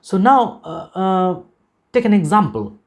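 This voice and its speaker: A man lecturing on a poem, deliberate and emphatic, repeating key phrases and pausing often with "uh". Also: high-pitched, sing-song. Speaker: literature lecturer. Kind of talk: recorded lecture explaining a poem.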